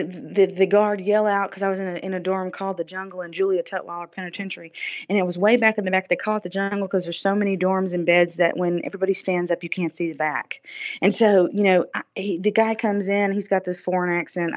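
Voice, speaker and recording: A woman guest on a podcast interview, telling a personal story in an earnest, reflective way, often saying "you know". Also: fairly low pitch. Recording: dull lo-fi dry recording.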